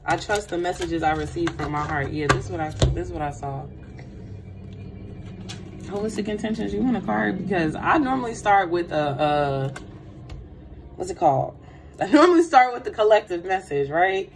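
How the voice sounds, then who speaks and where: Woman, tarot livestream host, warm low-ish voice, animated chatter, faint room hum. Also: moderate pace, long pauses. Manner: animated, laughing, greets viewers, drops to soft prayer. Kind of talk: livestream chat with prayer.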